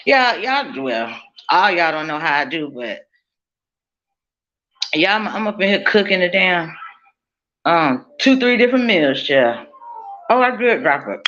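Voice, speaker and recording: In lo-fi sound, a woman with a mid-range, slightly bright voice speaks in an unhurried, sing-song way. She streams casually while cooking in her kitchen, telling her chat exactly what she thinks, swearing openly and laughing often.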